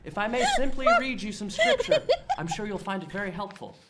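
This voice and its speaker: A man's voice: high-pitched, wildly swooping pitch, fairly quick, voice pushed up. Pompous pastor played by a man, solemn, preachy, very noisy recording. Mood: pious. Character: pious male pastor, prim and solemn.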